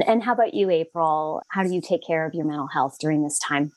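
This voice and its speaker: A woman's voice: low-pitched, a little fast, no echo, rough recording. A woman interviewer asking her guests questions in a friendly, curious way.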